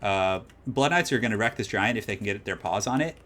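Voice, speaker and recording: A man casting a strategy game match live, moving from calm analysis to loud excited hype. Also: fairly low pitch, brisk. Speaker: streamer casting a tournament match.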